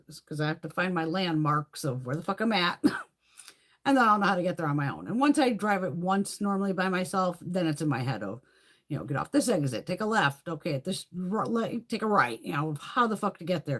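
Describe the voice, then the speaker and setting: A middle-aged woman hosting a livestream, telling a story in casual chat, swearing freely and acting out other people's lines. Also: fairly low pitch. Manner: profane, animated, mimics others in quoted voices. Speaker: beauty livestream host.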